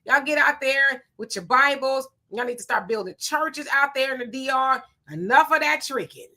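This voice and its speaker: Woman, live-stream host, casual commentary, reads out viewer comments, bright forceful tone. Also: sits high, normal speed. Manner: chatty, greets commenters by name, reads comments aloud.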